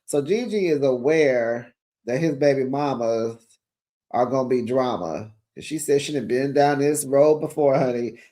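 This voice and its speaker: A man's voice: medium pitch, moderate pace, dark tone. A man hosting a reality TV recap, telling the gossip in a sassy, chatty way and calling his viewers honey, child and besties. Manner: calls listeners honey and child.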